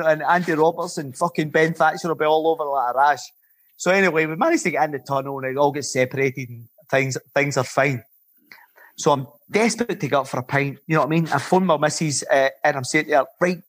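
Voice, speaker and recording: A middle-aged man, a former footballer turned coach, telling swearing, animated stories with laughter on a podcast. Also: fairly high pitch, fast. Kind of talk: podcast storytelling.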